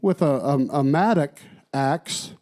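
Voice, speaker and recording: A man co-hosting a podcast, his voice dark and mellow. He rants in a profane, mock-preachy way, calling his listeners "sons" and swearing freely through casual chat. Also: fairly high pitch, slow pace. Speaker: podcast co-host.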